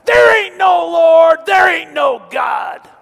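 Brief: bitter neighbor man bellowing slow taunts, a pastor's put-on voice, big church reverb. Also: very high-pitched, some chatter behind, pitched above the performer's own voice, full character voice. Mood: shouting angry. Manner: slow, shouted, gruff taunts. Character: angry unbelieving male neighbor. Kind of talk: sermon story voice.

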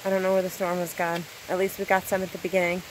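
A woman in a casual phone vlog, chatting excitedly while she films a rainstorm outdoors. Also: fairly low pitch, quick pace. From Newfoundland, Canada. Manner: chatty, excitable, rises into baby talk with her dog. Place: outdoors in a rainstorm, sheltering under cover. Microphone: phone held in hand. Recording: phone mic outdoors with light rain noise.

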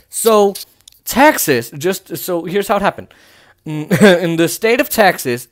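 A man giving casual political commentary in an animated, emphatic way, repeating words for emphasis and adding mocking, sarcastic asides. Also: sits high, slow.

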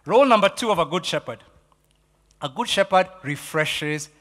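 A man delivers a sermon with a high, bright voice, animated and emphatic. He repeats key phrases for effect, swinging from loud to hushed. The sound carries the long reverb of a church hall. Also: moderate pace. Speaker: pastor.

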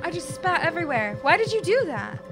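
A woman's voice: very high voice, sing-song, brisk. A young woman streaming a horror game, chatting with viewers and yelping and swearing when startled. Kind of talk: live gaming commentary. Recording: loud game music behind.

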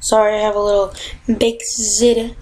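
A woman giving casual, excitable commentary while playing a video game at home, often exasperated and yelping at tough jumps. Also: medium pitch, normal speed, low-quality recording. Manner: exasperated, excitable, yelps and gasps. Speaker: gamer.

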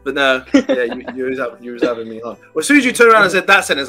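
A man's voice: mid-range voice, racing, faint music behind. A man working as an online English tutor, joking and laughing a lot in a casual video call chat. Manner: jokey, animated, laughs a lot.

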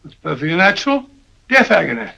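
Brief: bluff older doctor sidekick, high gravelly voice, muffled vintage film sound. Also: male voice, big pitch swings, quick pace, bright, forceful tone, heavily acted. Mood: blustery. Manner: blustering, matter-of-fact. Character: bluff, kindly older male doctor companion. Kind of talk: 1940s film acting. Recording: dull old film soundtrack.

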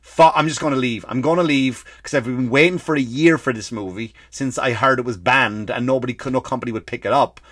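An Irish man hosting a comedy podcast, ranting and swearing freely, breaking into loud acted-out bursts. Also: mid-range voice, no echo, studio quality. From Ireland. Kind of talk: comedic rant.

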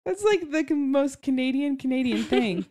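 A woman's voice: sits high, lively intonation, normal speed, warm tone, dry recording, clean studio sound. Chatty giggly young woman podcast host. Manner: chatty and giggly, leads the summary. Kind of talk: casual book-review chat.

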